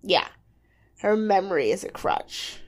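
A woman co-hosting a casual podcast, talking in an animated, chatty way. Her pitch swings widely as she talks. She fills her sentences with lots of fillers. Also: a little slow. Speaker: podcast co-host. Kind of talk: casual recap chat.

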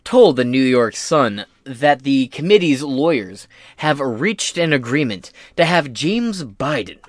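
A man's voice: medium pitch, fairly bright tone, no echo, studio quality. A man hosting his own podcast, giving casual political commentary in a profane, joking, rambling way. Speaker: podcast host.

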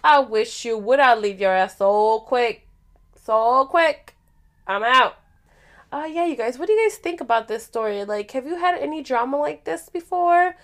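A young adult woman vlogger casually telling a story to her viewers, animated and profane, acting out what people said. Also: high-pitched, normal speed. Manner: animated and profane, acts out quotes.

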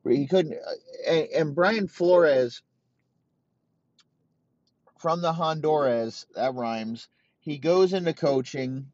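A man's voice: mid-range voice, a little mellow, dry recording, dull audio. A man hosting a sports podcast, ranting in a rambling way and swearing heavily. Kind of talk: profane sports rant.

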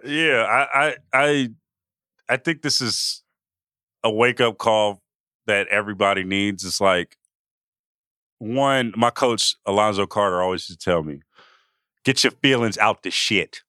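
A man's voice: on the low side, unhurried, long pauses, pushed and bright, clear, resonant tone, no echo, clean studio sound. A man co-hosting a sports podcast, chatting loosely and trailing off with fillers. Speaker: podcast co-host. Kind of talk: casual sports chat.

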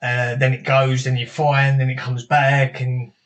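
A man's voice: medium pitch, little pitch movement, unhurried. A man telling stories in a casual chat, swearing freely and laughing as he goes. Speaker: guest, former boxer.

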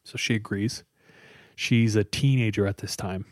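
A man's voice: lowish voice, steady tone, normal speed, no room sound, clean studio sound. A man casually retelling a scary story to friends, chatty and loose, with lots of fillers. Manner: conversational, loose with many fillers.

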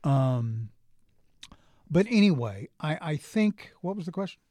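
A middle-aged man in casual conversation, telling stories with lively restarts and acted-out quotes. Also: fairly high pitch, unhurried, dry recording. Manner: animated storyteller, frequent restarts and acted quotes. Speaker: interview guest.

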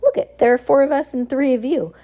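A spoiled, bratty young girl talks back with smug self-importance. A woman reading a storybook voices her in a mellow tone. She sounds petulant and sure of herself. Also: high voice, fairly quick, pitched above the performer's own voice, natural voice.

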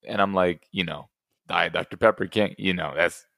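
A young man co-hosting a podcast in casual chat, telling animated stories and acting out the people he quotes. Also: low voice, moderate pace, vocal fry, dry recording, studio quality. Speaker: podcast co-host.

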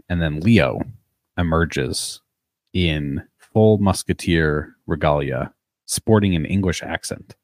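A man's voice: low voice, a little slow, no echo, clean studio sound. A man co-hosting a podcast, recapping a cartoon episode in casual chat, swearing freely as he tells it. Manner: swears casually, animated storytelling. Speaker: podcast co-host.

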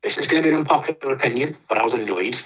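A man's voice: mid-range voice, rapid-fire, breathy edge, lo-fi sound. A man giving opinionated, rambling football punditry in casual chat. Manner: opinionated, animated, rambling with restarts.

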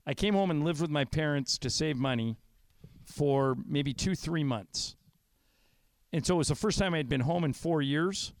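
A man's voice: on the high side, moderate pace, no room sound. A man co-hosting a sports talk show who tells stories about himself in a chatty, teasing way. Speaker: radio sports talk host. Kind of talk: casual on-air banter.

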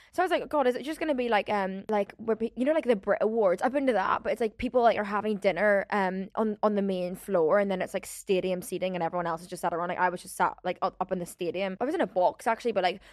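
A woman's voice: mid-range voice, dry recording, studio quality. A young woman hosting her own podcast, chatting in a rambling, casual way full of "like" fillers and the odd swear word. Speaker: podcast host. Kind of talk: casual solo podcast chat.

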